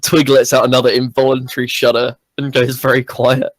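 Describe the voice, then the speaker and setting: A man's voice: mid-range voice, monotone, fairly quick, no echo. A man as a tabletop game player, casually describing what his character does.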